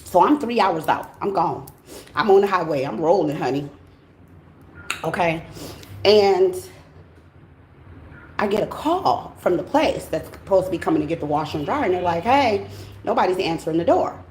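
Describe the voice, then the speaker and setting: A woman's voice: lowish voice, normal speed, long pauses, a little hiss or hum. A woman telling a story casually to her viewers, laughing, swearing and acting out what people said. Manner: animated, swearing, laughing storyteller who acts out dialogue. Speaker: tarot reader and channel host. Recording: echoey room.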